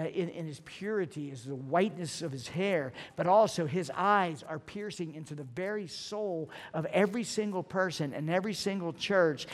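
A middle-aged man preaching a sermon, earnest and emphatic, slowing down to stress key phrases. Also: on the high side, a little mellow. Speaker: pastor.

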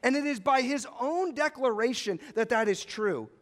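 High-pitched man preaching a sermon. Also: lively intonation, moderate pace. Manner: dramatic preaching, acting out the high priest's questions. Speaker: pastor.

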